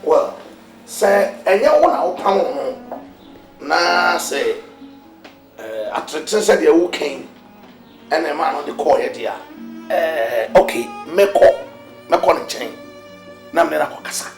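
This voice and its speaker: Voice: mid-range voice, slow, pauses often. An actor playing a pastor who reasons with a quarrelling couple, mixing Twi and English in a film drama. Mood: reasoning. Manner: persuasive, reasoning, lively intonation. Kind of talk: Ghanaian film drama dialogue. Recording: echoey room with faint music.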